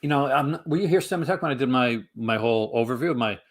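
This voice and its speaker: A man's voice: mid-range voice, very fast. Male livestream host, casual and rambling, answering his chat. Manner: rambling, many fillers and restarts.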